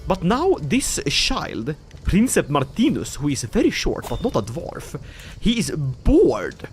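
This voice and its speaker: A man's voice: on the high side, slow pace, faint music behind. A man from Sweden streaming a strategy game live, joking and chatting with his viewers as he plays. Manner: animated, jokey, laughs often, talks to chat. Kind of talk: casual livestream game commentary.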